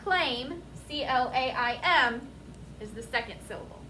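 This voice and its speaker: Slow, bright-voiced woman teacher spelling words. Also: high voice, expressive, a little hiss or hum. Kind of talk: vocabulary lesson to a class. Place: classroom. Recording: echoey classroom, mic at a distance.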